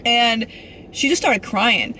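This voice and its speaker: A young woman shares a personal story on her vlog with a bright, forward tone. She rambles and restarts often, earnest and emotional. She leans on casual fillers as she goes. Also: on the high side, takes it slowly, slight background noise. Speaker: vlogger.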